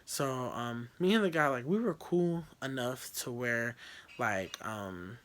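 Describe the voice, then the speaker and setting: A man's voice: medium pitch, animated, measured pace, a bit bright. A young man telling a personal story to camera, candid and profane, rambling with fillers and restarts. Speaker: vlogger. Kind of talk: casual storytelling.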